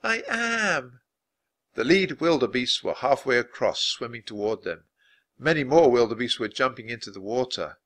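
Male storybook reader, bright tone, lively expressive delivery. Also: normal speed. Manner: expressive, dropping low for narration. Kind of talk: reading a children's book aloud.

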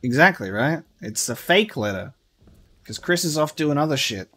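A man's voice: on the high side, animated, moderate pace, slightly rough. A man giving casual commentary while playing a horror game, swearing often and reading in-game letters aloud. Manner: swears often, laughs and shouts at scares. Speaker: gaming streamer. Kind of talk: casual let's play commentary.

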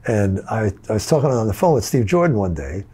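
An older male guitarist, interviewed in casual chat, telling studio stories in an animated way, laughing along and acting out other people's lines. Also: lowish voice, a little fast, slightly rough. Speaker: guitarist guest.

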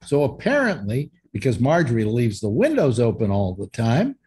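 Animated husky-voiced man telling stories. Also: medium pitch, moderate pace. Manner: animated storyteller, shouts quoted lines. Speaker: host. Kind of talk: casual storytelling chat.

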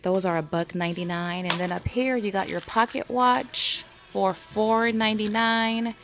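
A woman's voice: mid-range voice, steady tone, moderate pace, a bit bright, faint music behind. A middle-aged woman vlogging from a store aisle, chatting casually and reading product labels aloud to herself. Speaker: craft vlogger browsing a store. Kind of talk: casual shopping walkthrough. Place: indoor retail store aisle.

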